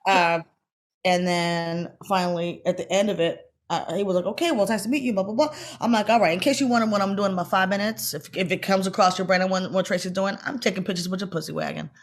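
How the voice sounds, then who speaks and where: A middle-aged woman, an actress, telling a story in a casual interview. She is animated, acts out the voices she quotes and talks fast in bursts. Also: mid-range voice.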